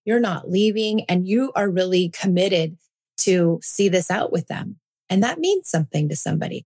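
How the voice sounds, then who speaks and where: A woman in her forties hosts a parenting podcast in an earnest, reassuring tone. Her voice sits a little low. She talks like a coach speaking to one listener. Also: lively intonation, moderate pace, a little mellow. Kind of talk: reflective podcast monologue.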